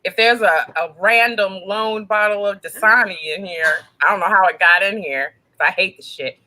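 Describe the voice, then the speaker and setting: A woman in her forties in casual chat, blunt, profane and quick to laugh. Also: medium pitch, pushed and bright, low-quality recording. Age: 40s.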